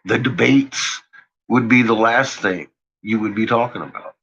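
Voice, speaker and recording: Casting: male live streamer, husky bright voice, cursing rant, lo-fi stream sound. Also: medium pitch, unhurried. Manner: profane, agitated ranting.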